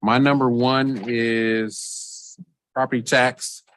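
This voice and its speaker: A man in a government budget meeting, naming his priorities one by one in a measured way. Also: mid-range voice, flat delivery, fairly bright tone, no room sound. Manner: measured, deliberate listing.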